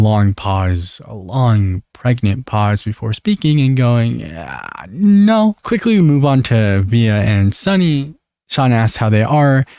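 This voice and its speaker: A young man runs through reality TV drama in a sarcastic, gossipy and animated way. His voice sits at an ordinary middle pitch and is recorded close and dry, with no echo. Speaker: video creator. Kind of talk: reality TV recap commentary.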